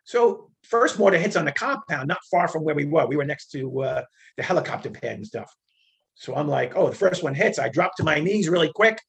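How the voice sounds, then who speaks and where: Very raspy, gravelly older man. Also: on the high side, brisk. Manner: animated, acts out quoted dialogue, frequent fillers. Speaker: interview guest, retired federal agent. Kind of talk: conversational storytelling.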